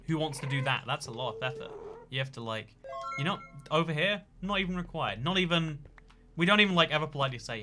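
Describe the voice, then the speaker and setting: A man's voice: fairly high pitch, animated, fast, over music. A man hosting a casual livestream and reading out chat donations. He talks in a rambling, jokey way, full of fillers and restarts.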